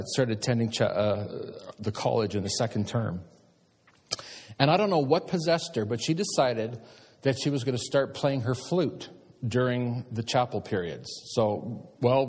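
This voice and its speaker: Husky pastor preaching in echoing church. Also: male voice, medium pitch. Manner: storytelling, animated emphasis. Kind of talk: sermon. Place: church sanctuary. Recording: long church hall reverb.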